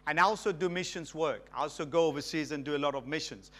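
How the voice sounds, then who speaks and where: A man's voice: fairly high pitch, fast talker. A middle-aged man from Mauritius, preaching a sermon as a guest and calling for responses from the congregation. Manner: animated, calls for audience responses.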